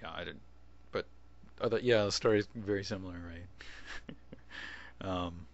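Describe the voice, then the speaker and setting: A video blogger with a low-pitched voice talks casually at a measured pace in a video response, and the audio sounds dull. He rambles, keeps restarting his sentences, and chuckles as he interrupts himself.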